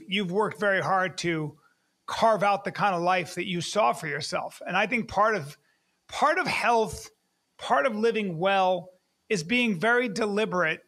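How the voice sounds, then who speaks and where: A middle-aged man hosts a casual podcast conversation in a high, bright voice. He talks with emphasis and loops back on repeated words before landing his point. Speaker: podcast host. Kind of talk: casual interview chat.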